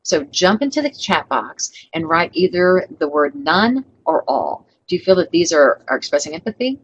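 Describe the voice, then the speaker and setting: A woman's voice: low voice, very animated, normal speed, muffled recording, a little hiss or hum. A middle-aged woman running an online training webinar, upbeat and coaching, who acts out sample customer lines.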